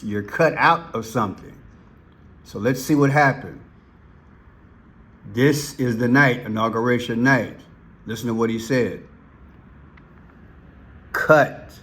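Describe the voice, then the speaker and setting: A man hosting commentary over played clips, talking slowly and deliberately and hammering single words by repeating them. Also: medium pitch, a bit bright. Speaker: commentary channel host.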